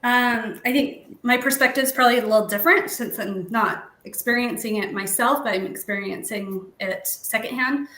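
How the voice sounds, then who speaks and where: A woman with a bright, sharp voice speaks on a panel as the mother of an autistic child. She is heartfelt and emotional and pauses often. The room around her echoes. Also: fairly high pitch. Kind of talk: casual panel discussion.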